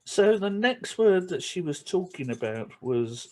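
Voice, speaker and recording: A man with a Yorkshire accent chatting casually to camera as a vlogger, chuckling between remarks and slipping into quick asides. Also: high-pitched, sing-song, mellow. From England.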